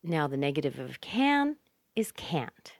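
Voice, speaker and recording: A woman with a North American accent teaching English pronunciation, repeating example phrases slowly with exaggerated stress. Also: low-pitched, big pitch swings, no room sound, clean studio sound. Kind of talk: scripted pronunciation lesson.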